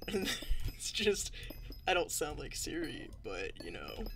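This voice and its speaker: A young woman chatting casually with a friend on a gaming stream, answering with dry, quick quips. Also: deep voice, big pitch swings, creaky, over music. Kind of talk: casual chat while gaming.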